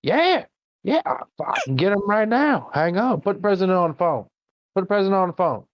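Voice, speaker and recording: A man voicing an excited, dim-witted hillbilly redneck yelling into a phone. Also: sits high, a little fast, dry recording, dull audio, pitched above the performer's own voice. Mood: frantic. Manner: frantic, shouting, rambling.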